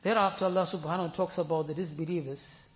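Pitched on the high side, a man races through a sermon, telling scripture stories in a lively way. He mixes in chanted Arabic verses and stresses his points emphatically by repeating phrases.

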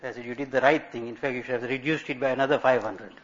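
A man's voice: mid-range voice, fairly even intonation, fast talker. A man giving a religious sermon as an Islamic scholar, telling stories and asking rhetorical questions. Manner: storytelling, rhetorical questions, Arabic religious terms. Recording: dull lo-fi recording.

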